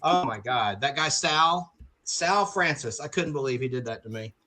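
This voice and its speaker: A man's voice: medium pitch, animated, moderate pace, pushed and bright, a little hiss or hum. A man chatting on a video call as a panel guest, telling frank personal stories with many restarts. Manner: frank storyteller, rambling with restarts. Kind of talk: casual chat.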